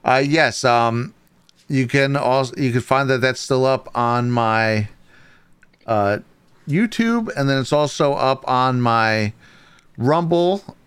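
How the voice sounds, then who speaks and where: A man's voice: mid-range voice, animated, slow pace, a bit bright, smooth, no echo. A man hosting a livestream, reading viewer comments aloud and chatting casually, laughing often and calling people dude. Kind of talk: casual political chat.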